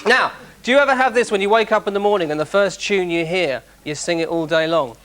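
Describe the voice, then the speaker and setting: A man doing a stand-up routine as the show's host. His patter is chatty, full of asides to the crowd, and his voice sits a touch high. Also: a little fast, fairly bright tone. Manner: chatty, quips, asides to audience. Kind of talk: stand-up routine to a live audience.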